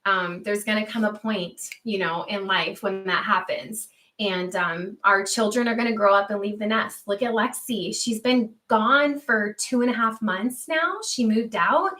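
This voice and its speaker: A woman's voice: medium pitch, unhurried, pushed and bright. A woman hosting a homestead livestream, chatting earnestly and reading viewer comments aloud, laughing easily.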